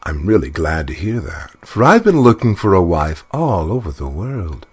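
A man's voice: low-pitched, big pitch swings, normal speed, breathy edge, full character voice. A man reading a fairy tale aloud and voicing a smug, greedy little male dwarf with a sly, disdainful manner. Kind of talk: storybook narration.

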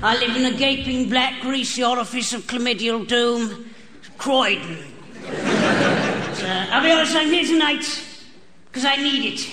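A man performing a stand-up set in a strained, unusually high voice and a deadpan, grotesque absurdist delivery, recorded live on stage. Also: a little slow, long pauses, background noise. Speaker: stand-up comedian. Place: comedy club stage with a live audience. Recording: archive broadcast of a live show with hall reverb and audience laughter.

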